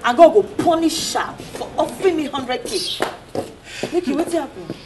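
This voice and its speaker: A woman's voice: sits high, normal speed, background noise. An actress playing a scheming young Nigerian woman who chats brashly in Pidgin. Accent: Nigerian, Pidgin-speaking. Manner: brash, lively Pidgin banter.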